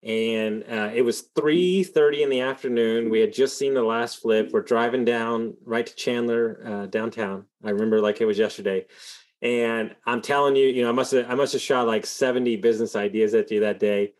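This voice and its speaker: A man's voice: medium pitch, normal speed, a little mellow. Rambling man telling a long story. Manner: rambling, full of "like" and "uh" fillers. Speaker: podcast host. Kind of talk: conversational storytelling.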